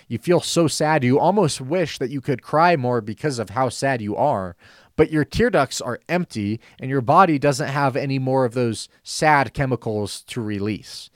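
A man's voice: medium pitch, no room sound, studio quality. Earnest man hosting a faith talk show. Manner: earnest, measured, repeats phrases for emphasis. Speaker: host. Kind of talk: Christian talk show monologue.

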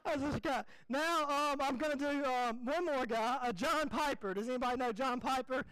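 High-voiced young pastor. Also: male voice, normal speed, few pauses, low-quality recording. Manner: folksy, animated, self-deprecating. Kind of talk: sermon.

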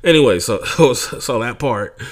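A man's voice: mid-range voice, measured pace. A young adult man hosting a podcast, telling comedy stories in a casual, profane way and mocking people he imitates. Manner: profane, animated storytelling with mocking impressions. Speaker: podcast host, stand-up comedian. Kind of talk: casual monologue.

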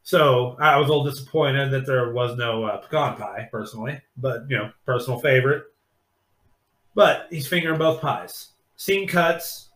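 A man hosting a podcast, retelling a scene in casual chat as an animated storyteller who swears freely. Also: mid-range voice, moderate pace. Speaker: podcast host. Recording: echoey room.

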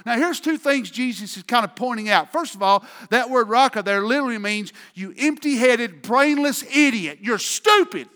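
A pastor delivers his sermon in a high, bright voice that rises and falls in wide swings. He bursts into shouts on key words, then drops to quiet asides, all of it ringing in a long hall reverb. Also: lively intonation, normal speed, hardly any pauses. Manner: preaching with sudden shouted outbursts and quiet asides.

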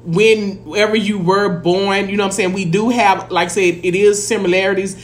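A woman's voice: medium pitch, fairly even intonation, normal speed. Outspoken female co-host, profane, full of filler phrases. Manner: blunt, profane, repeats "you know what I'm saying". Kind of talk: casual chat.

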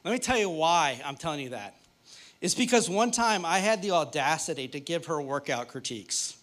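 A man's voice: a little high, animated, normal speed, fairly bright tone. A man in his thirties preaching a sermon, talking in a casual, joking storytelling way. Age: 30s. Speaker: pastor.

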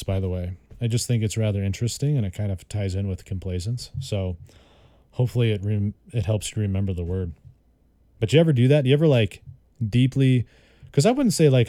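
A man teaching vocabulary in a relaxed, chatty way. He repeats words and spells them out. His voice is mellow and the sound is dry and close. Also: fairly low pitch, a little fast, dry recording. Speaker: vocabulary tutor. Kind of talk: casual vocabulary lesson.

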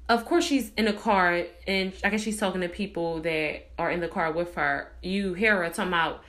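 A woman's voice: lowish voice, moderate pace, few pauses. A young woman casually telling a story to viewers, acting out both sides of a phone argument, swearing freely and calling her listeners y'all. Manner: animated retelling, acts out both sides of a phone call.

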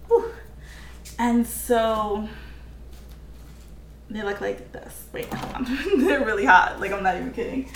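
A woman's voice: mid-range voice, slight background noise. A woman chatting casually while she cooks in her home kitchen, laughing often and reading out viewers' comments. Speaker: home cook live-streaming. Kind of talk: casual cooking stream chat. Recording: echoey kitchen with faint clatter.

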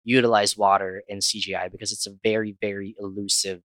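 A young man in casual chat, talking quickly and laughing often. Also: fairly low pitch, little pitch movement, a bit bright, no echo. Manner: chatty, laughs often, jokey put-on voices.

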